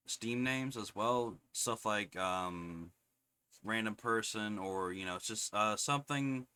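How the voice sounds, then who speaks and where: A man on the staff of a roleplay server, calmly giving members plain reminders at a community meeting. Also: on the low side, smooth. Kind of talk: casual announcements.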